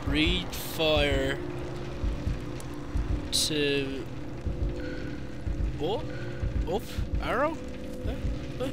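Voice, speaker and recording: A man giving casual gameplay commentary, excitable and foul-mouthed, cooing at the game's creatures and yelping at sudden scares. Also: fairly high pitch, very slow, long pauses. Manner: excitable, swears freely, baby-talks to game creatures, sudden yelps. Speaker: gaming channel host. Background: game music.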